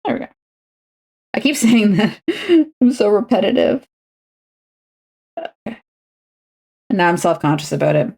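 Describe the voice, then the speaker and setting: A woman's voice: medium pitch, lively intonation, unhurried, creaky, long pauses, warm tone, breathy edge. A woman, chatting and rambling to herself and her viewers while she crafts on a stream. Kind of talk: casual chat while crafting.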